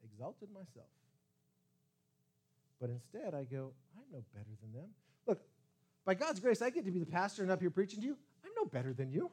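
Male pastor, fairly high voice, very lively pitch, preaching a sermon, swinging loud and soft. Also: moderate pace, long pauses. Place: church sanctuary.

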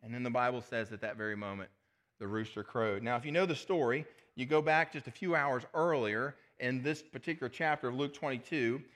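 A man preaching a sermon as pastor, animated, retelling scripture as a vivid story. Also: mid-range voice, fairly quick.

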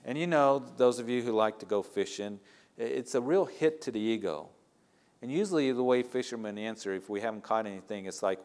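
Male pastor, middle-aged, conversational sermon, mid-pitched voice, emphatic swells. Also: animated, moderate pace. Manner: conversational preaching, rising emphasis.

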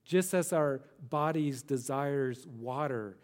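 A middle-aged pastor teaches a sermon verse by verse, earnest in tone, repeating phrases for emphasis and slowing on key words. His voice is a little high with a darkish quality.

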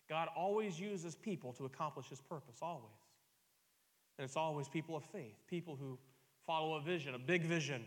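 A male pastor delivering a sermon, repeating key lines and building to loud emphatic peaks. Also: mid-range voice, in a large hall.

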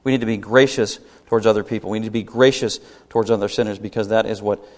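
A man preaching a sermon as pastor, emphatic, rising to loud peaks and dropping low, with rhetorical questions to the congregation. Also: fairly even intonation, fast talker. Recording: long hall reverb.

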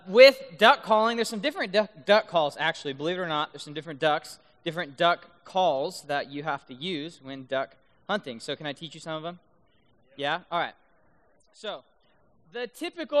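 Youth speaker, male, high and bright voice, playful, keeps asking "right?", long hall reverb. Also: expressive, normal speed. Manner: playful, keeps checking in with the audience. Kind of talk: youth talk with duck call demos. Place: large room full of high schoolers.

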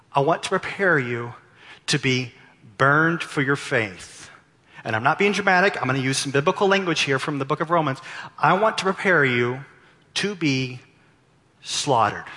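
A man preaching a sermon as pastor, impassioned and climbing to near-shouts at his peaks. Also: a little high. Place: church sanctuary. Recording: long hall reverb.

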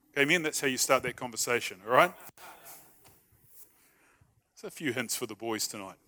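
A man's voice: medium pitch, animated, moderate pace, long pauses, pushed and bright. A man preaching a sermon in a conversational, humorous way, acting out short everyday dialogues. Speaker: pastor.

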